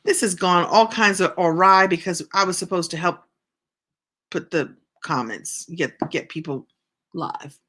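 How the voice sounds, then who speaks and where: A woman's voice: on the low side, normal speed, fairly bright tone. A middle-aged woman coaching in a casual live stream, chatty and encouraging as she answers viewer comments. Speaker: business and writing coach.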